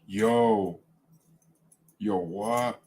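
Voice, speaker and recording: A man's voice: fairly low pitch, drawn-out words, a little mellow. A man hosting a fan channel in casual livestream chat, rambling, correcting himself and joking. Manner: rambling, self-correcting, jokey.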